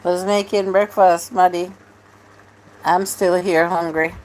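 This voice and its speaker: A woman's voice: fairly low pitch, fairly even intonation, slow, darkish tone, slight background noise. A woman hosting a live stream, chatting casually and answering her viewers' comments one by one.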